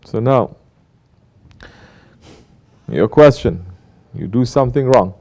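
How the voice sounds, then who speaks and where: A man's voice: mid-range voice, lively intonation, slow pace, darkish tone. Male Sufi teacher, mid-range voice, emphatic preaching with rhetorical questions. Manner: rhetorical questions, emphatic, mocking quoted apologies. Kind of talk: sermon.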